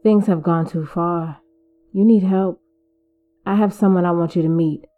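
A woman's voice: on the low side, fairly even intonation, unhurried, narrow, tinny audio, faint music behind, natural voice. A woman voicing a church deacon who speaks firmly and urges his friend to get help. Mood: urging. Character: calm church deacon man, now scolding.

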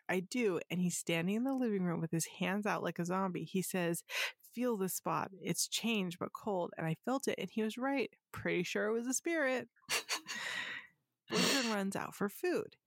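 A woman's voice: mid-range voice, moderate pace, dry recording, clean studio sound. A woman co-hosting a podcast, reading listener ghost stories aloud and cracking jokes, laughing often and swearing casually. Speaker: podcast co-host.

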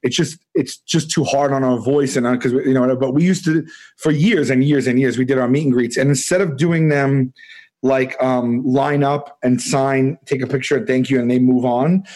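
Excitable man telling a long story. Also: mid-range voice, moderate pace. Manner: rambling, animated, many restarts and laughs. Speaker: podcast guest. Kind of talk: casual storytelling.

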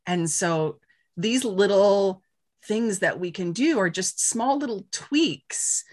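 A woman's voice: medium pitch, animated, slow, a little mellow. A woman hosting a podcast interview, affirming her guest with many short agreements. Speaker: podcast host.

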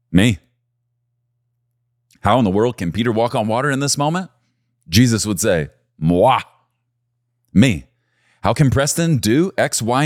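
A man preaching a sermon, animated and repeating key phrases for emphasis. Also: medium pitch, no room sound, studio quality. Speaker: pastor.

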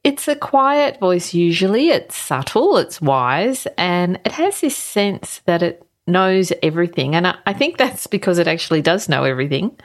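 A woman giving a gentle, reflective spiritual talk, unhurried, with thoughtful pauses and small restarts. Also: mid-range voice. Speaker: spiritual guide reading a card.

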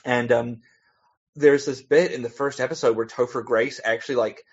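Man, podcast guest, husky voice, rambling storyteller, laughing, casual chat, muffled lo-fi audio. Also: mid-range voice, fairly even intonation, moderate pace. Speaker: podcast guest, comic author.

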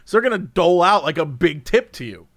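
A man's voice: high voice, big pitch swings, fast talker, fairly bright tone, dry recording, studio quality. A young man in casual chat, thinking aloud and musing with restarts.

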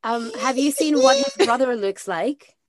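A woman's voice: fairly high pitch, moderate pace, no echo. A Scottish woman in her late twenties, a podcast guest, gossiping in a rambling, casual way. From Scotland. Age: 20s. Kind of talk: casual chat.

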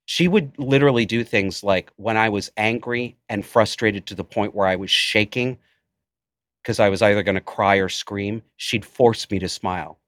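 A man's voice: fairly low pitch, normal speed, fairly bright tone, no echo, clean studio sound. Intense, emotional man in his forties. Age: 40s. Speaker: guest. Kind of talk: personal storytelling in interview.

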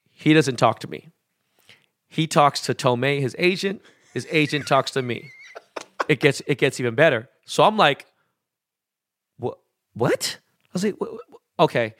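A man, a jeweler and interview guest, telling stories in a slangy, animated way full of quoted dialogue. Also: a little high, dry recording, clean studio sound. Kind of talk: casual storytelling interview.

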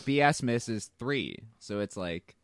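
A man's voice: mid-range voice, expressive, a little slow, no room sound, studio quality. A man hosting a podcast in casual chat, loose and laughing, swearing freely. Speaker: podcast host.

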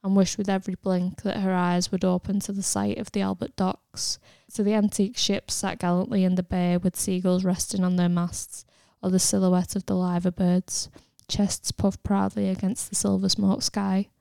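A woman narrating an audiobook in a steady, even storytelling manner, recorded close in a studio. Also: mid-range voice, normal speed, gravelly, few pauses, no room sound. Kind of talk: scripted narration.

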